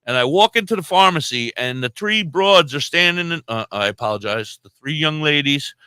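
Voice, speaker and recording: A man tells a rambling story on a podcast, cursing freely and jumping into other people's voices as he quotes them. His voice is bright and forceful, and the recording is dry and close with almost no room sound. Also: on the high side, moderate pace, clean tone, no room sound. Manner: profane, animated storyteller who acts out quotes. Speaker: podcast co-host. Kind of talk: casual storytelling chat.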